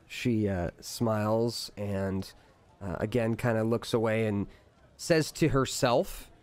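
A man narrating as game master of a tabletop game, relaxed and easygoing, with frequent fillers. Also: on the low side, slow pace.

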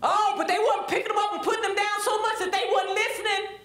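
A high-pitched, middle-aged woman preaching a Bible study with a Black lilt. She draws the congregation into call-and-response and climbs into fervent preaching. Her voice rings around a reverberant church room. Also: flat delivery, fast talker, a bit bright. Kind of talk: sermon-style Bible teaching.

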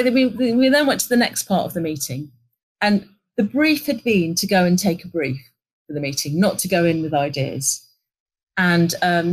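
Woman, middle-aged, lowish voice, spins a story and does everyone's lines. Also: poor audio. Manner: animated anecdote, acting out quoted lines. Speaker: interview guest, agency executive. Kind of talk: conversational storytelling.

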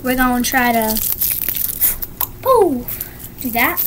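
Teen girl vlogger, excitable and giggly, slow unhurried delivery, phone audio with faint night noise. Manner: giggly, excitable, high squeaky helium voice. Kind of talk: casual vlog. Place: back porch at night, outdoors.

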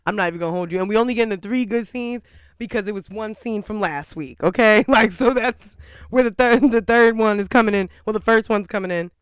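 Man host, reality recap, cussing and cackling, smooth dry close-miked voice. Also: high voice, brisk, no echo. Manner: profane, laughing, animated rant. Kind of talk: casual commentary on a TV episode.

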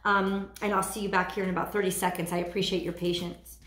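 A woman doing a weekly tarot card reading, talking in a halting way and searching for her words. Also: on the low side, little pitch movement, a bit bright, roomy sound. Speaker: tarot reader.

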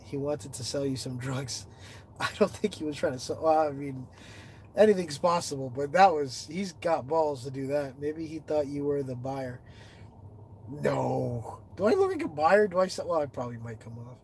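A congested man on a casual livestream, reading viewer comments aloud, answering them and telling a story with growing excitement. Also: normal speed, slight background noise. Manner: animated storytelling, rising in pitch when excited. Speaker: livestreaming explorer.

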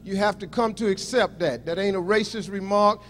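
A man's voice: high voice, normal speed. A man doing a live stand-up comedy set, brash and profane, boasting and scolding the crowd. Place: live comedy show on stage.

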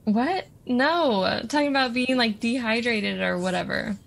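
A woman's voice: on the high side, unhurried, creaky. A woman co-hosting a podcast in casual chat, giggly and self-deprecating. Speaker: podcast co-host.

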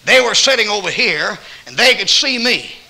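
A man with a Southern accent preaching a sermon as an evangelist, telling folksy stories and quoting people, with bursts of loud emphasis. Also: high voice, expressive, normal speed, vocal fry, rough recording. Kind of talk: sermon with storytelling. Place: church auditorium.

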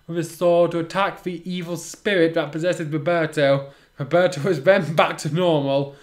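A man's voice: a little high, steady tone, moderate pace. Sarcastic man reading fan fiction aloud. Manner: sarcastic, interrupts the reading with wry remarks. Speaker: reader and commentator.

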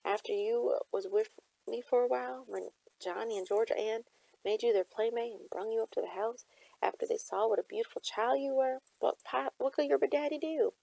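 A woman's voice: a little high, moderate pace, gravelly, mellow, no room sound, poor audio. A woman voicing an elderly, grieving woman servant who speaks tersely in folksy, nonstandard grammar, read from a novel. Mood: earnest. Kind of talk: audiobook character reading.

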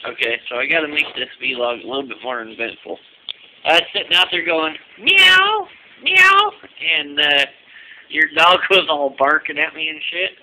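A man's voice: on the high side, fairly quick, sharp tone. A young man casually vlogging at home at night, joking and teasing, on a handheld camera mic. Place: indoors at a relative's home at night. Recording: noisy home video recording.

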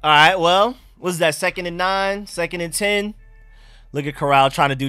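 Man, high voice, live stream reaction, joking, dry close mic. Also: moderate pace, clear, resonant tone, no echo, faint music behind. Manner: excitable, joking, talks to chat. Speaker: sports fan livestream host.

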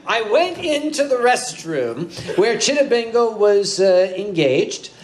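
A man's voice: high voice, sing-song, slow, poor audio. A man on a live convention comedy panel, telling a rambling, hesitant, self-mocking anecdote. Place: convention panel room with audience.

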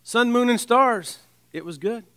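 A man preaching a sermon in a conversational way, with wry asides and restarts, dropping to a soft, low voice on scripture. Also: unhurried, clean tone, dry recording.

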